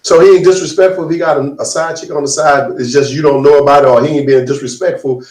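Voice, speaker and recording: A man, co-hosting a talk show, arguing in a lively, playful way and acting out what people say. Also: a little high, fast talker. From Galveston, Texas. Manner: animated, playfully argumentative, acts out quotes. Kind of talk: casual panel debate. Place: studio room with distant camera. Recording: roomy sound, mic far off.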